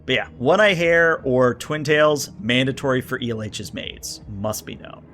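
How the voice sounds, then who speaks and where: A man's voice: medium pitch, lively intonation, normal speed, fairly bright tone, soft background music. A man reviewing a tabletop role-playing book on a livestream. He reads entries aloud, riffs on each one and talks to his chat. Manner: thinks aloud, reads list entries then riffs on them; chatty, answers chat, frequent filler words and restarts. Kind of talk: casual livestream commentary.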